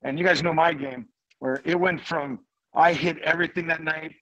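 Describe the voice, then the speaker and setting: A man, a former hockey player and guest, telling an animated anecdote in a lively, rambling way. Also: on the high side, moderate pace, no room sound, dull audio. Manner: lively, rambling, laughs mid-story.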